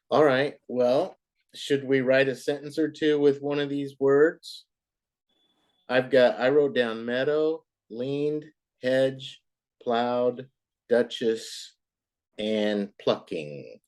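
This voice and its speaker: A woman English tutor talks slowly and patiently to a young pupil. She repeats words carefully to model them and keeps her tone encouraging. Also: extremely low pitch, a little mellow. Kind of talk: online tutoring lesson.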